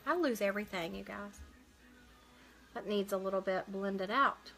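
A woman's voice: mid-range voice, moderate pace, gravelly, fairly bright tone. A woman hosting a casual live makeup stream, chatting as she works and answering viewer comments aloud.

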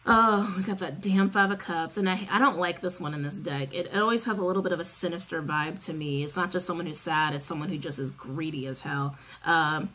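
A woman's voice: fairly low pitch, a little fast, hardly any pauses, fairly bright tone, slight background noise. A woman giving a casual spoken tarot reading, chatty and sassy, swearing freely and repeating her phrases. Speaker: tarot reader.

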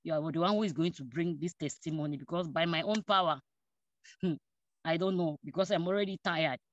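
A woman's voice: sits low, brisk, no echo. A woman gives a personal testimony to her church. She tells the story with energy, acting out the voices of family members and laughing between phrases. The recording is dull and lo-fi, with a dry, close sound. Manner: animated, acts out dialogue, laughs between phrases.

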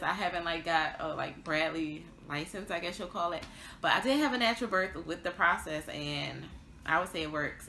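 A young woman vlogs her pregnancy update in a chatty, rambling way, full of fillers and small laughs. Her voice is bright and forward. The room gives it a noticeable echo with faint ambience behind. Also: fairly low pitch, slight background noise. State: pregnant, tired. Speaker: vlogger. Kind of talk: casual pregnancy update vlog.

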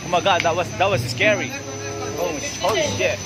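A man with a Filipino accent vlogging in broken English, joking and excitable, mixing in Tagalog slips. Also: high-pitched, fairly quick, vocal fry. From Philippines. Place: outdoor amusement fair. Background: loud music.

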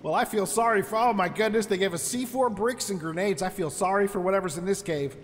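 Talking fast in a high voice, a man provides chatty, jokey let's play commentary on his survival game run, taunting the enemies he fights. His voice trails off into a long reverb tail.

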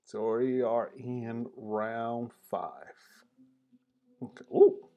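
A man's voice: medium pitch, fairly even intonation, drawn-out words, narrow, tinny audio. A man hosting a casual chat over tea, filling his talk with "like" and "right?". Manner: chatty, fills with "like" and "right?". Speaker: host.

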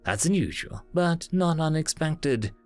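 A man voicing a polite, apologetic administrator of the afterlife, speaking gently and courteously with small hesitations. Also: a little high, expressive, unhurried, soft background music, voice pushed up.

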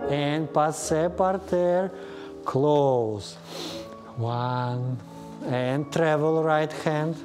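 A ballet teacher instructs a studio class live, counting beats and naming students as corrections are given, in the Russian accent of a native Russian speaker. The voice is mid-range with drawn-out words, and the class's piano music plays behind.

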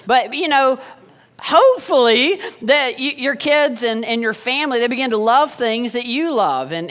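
A man's voice: sits high, fairly bright tone. A man in his thirties, a pastor preaching a sermon with joking asides and sarcastic humor.

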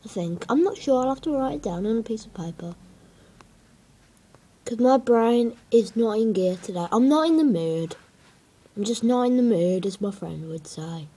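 A woman's voice: on the high side, expressive, moderate pace, long pauses, mellow, husky. A woman giving casual gameplay commentary, hesitant and rambling with many fillers. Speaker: gaming video creator.

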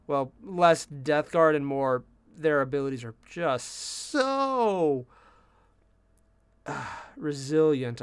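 A man talking casually to viewers as he paints miniatures, relaxed and self-deprecating, muttering to himself about small mistakes. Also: a little high, smooth, dry recording. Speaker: miniature painting channel host.

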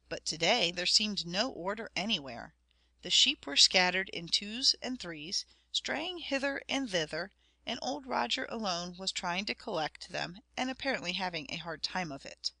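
Bright-voiced woman narrating a story. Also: mid-range voice, gravelly, dry recording. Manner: measured storytelling, addressing the listener. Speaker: audiobook narrator. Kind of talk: scripted narration.

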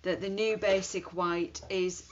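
A woman's voice: on the low side, steady tone, measured pace. A woman chatting casually while demonstrating card making, thinking aloud as she works. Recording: dull lo-fi sound with faint hiss.

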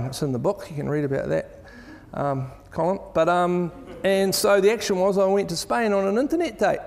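A middle-aged man with a New Zealand accent tells stories to a crowd in a chatty, joking way. His voice sits fairly high and swings up and down as he talks. It rings out with a long reverb from a large hall. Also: normal speed, vocal fry, hardly any pauses. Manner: chatty, jokey, animated storytelling. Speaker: keynote speaker. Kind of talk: conference talk.

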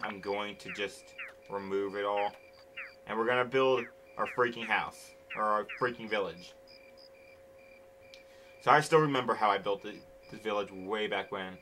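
A man's voice: on the low side, fairly even intonation, moderate pace, long pauses, sharp tone, slight background noise, rough recording. A man hosting his gaming channel, giving casual commentary as he plays, grumbling impatiently and swearing often. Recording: game music playing under the voice. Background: video game music.

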